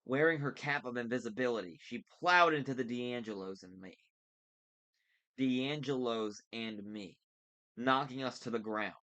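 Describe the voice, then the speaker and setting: A man reading a novel aloud in a relaxed, casual way, stopping now and then to correct slips. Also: medium pitch, a little slow, highs cut off. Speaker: book reader. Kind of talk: casual read-aloud narration.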